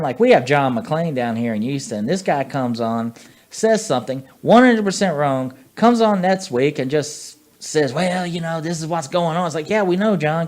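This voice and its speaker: In casual sports chat, a fantasy football podcast co-host rambles and cracks jokes, leaning on plenty of fillers. He speaks at medium pitch with a slightly mellow quality.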